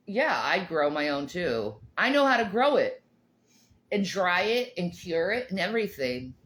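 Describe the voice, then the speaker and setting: A woman's voice: on the low side, big pitch swings, measured pace, long pauses, fairly bright tone. A woman from North Carolina co-hosting a podcast in casual chat, blunt and swearing freely. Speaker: podcast co-host.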